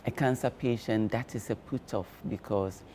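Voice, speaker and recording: A man speaking as a guest on a breakfast show, explaining care tips slowly and with many fillers. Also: fairly low pitch, fairly even intonation, a little mellow, a little hiss or hum. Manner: slow, measured explaining with frequent fillers. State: talking with cloves in his mouth. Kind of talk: explanatory studio talk.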